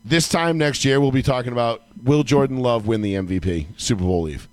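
A man co-hosting a sports podcast, chatting excitably and emphatically, with some swearing. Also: medium pitch, fairly quick, no room sound. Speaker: podcast co-host. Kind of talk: casual sports chat.

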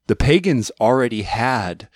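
A man's voice: medium pitch, lively intonation, unhurried, no room sound. Chatty male podcast host. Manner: chatty, explanatory, laughs easily. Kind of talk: casual conversation.

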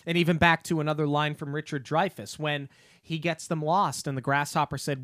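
A man's voice: fairly high pitch, a little fast, no echo, clean studio sound. Upbeat man chatting about a film. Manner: enthusiastic, animated retelling of scenes. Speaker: podcast co-host. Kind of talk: casual film discussion.

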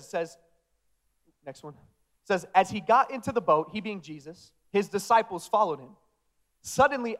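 A young man preaching a sermon with energy, acting out the disciples in casual modern speech. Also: high voice. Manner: energetic, acts out the disciples' dialogue. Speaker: pastor.

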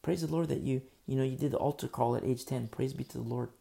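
A man preaching a sermon as pastor, emphatic and repetitive, swinging between loud bursts and hushed asides. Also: medium pitch, fast talker, creaky. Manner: repetitive, with frequent fillers.

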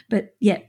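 A woman from Australia co-hosting a casual podcast chat, bubbly and laughing often. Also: mellow. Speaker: guest co-host.

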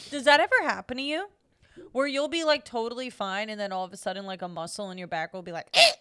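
A woman's voice: mid-range voice, fast, smooth. A woman co-hosting a podcast in casual chat, telling stories with lots of laughter and swearing. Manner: animated storyteller who laughs and swears often. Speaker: podcast co-host.

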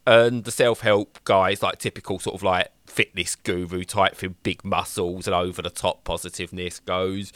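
A young man co-hosting a casual chat, rambling and animated as he acts out little voices. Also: low-pitched, normal speed, few pauses, no room sound. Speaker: podcast co-host reviewing games.

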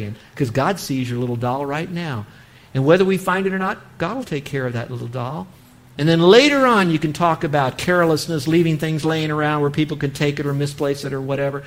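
A pastor with a fairly high-pitched voice preaches a sermon on parenting at a slightly fast pace. He earnestly acts out what a parent might say to a child.

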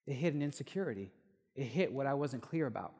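A young man preaching a sermon, telling a personal story and lively when he quotes others. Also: medium pitch, quick pace. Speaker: pastor. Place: church hall. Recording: echoey hall with long reverb.

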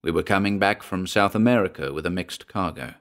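A man doing a gruff, haunted old sea captain. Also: brisk, fairly bright tone. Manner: salty sailor's talk, low and brooding.

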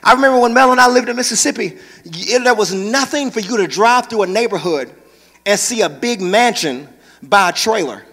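A man preaching a sermon from the pulpit of a large church, moving between conversational talk and loud hollering. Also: sits high, expressive, a little fast, long reverb tail. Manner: preaching, shifts into hollering whoops. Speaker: pastor.

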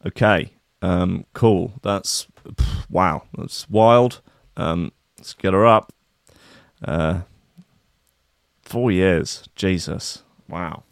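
A young man hosting a casual livestream, rambling and swearing with sudden loud outbursts. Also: deep voice, extremely slow, creaky, long pauses, no room sound, studio quality. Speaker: livestream host. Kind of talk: casual profane livestream commentary.

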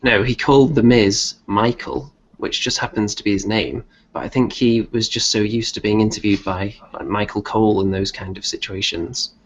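A man's voice: lowish voice, steady tone, normal speed, hardly any pauses, husky. A man from Europe co-hosting a casual wrestling chat, making dry, wry remarks. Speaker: podcast co-host. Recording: dull lo-fi audio with faint background noise.

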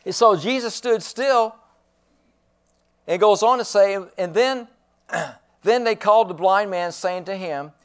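High-voiced, slow-preaching male pastor. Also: clean tone. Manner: emphatic preaching, repeats phrases. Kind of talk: sermon.

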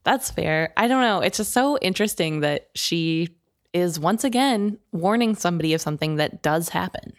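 A woman's voice: on the low side, lively intonation, moderate pace, no echo, clean studio sound. A woman co-hosting a book podcast, chatting casually and asking curious questions. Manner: curious, asks questions, playful. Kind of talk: casual chat.

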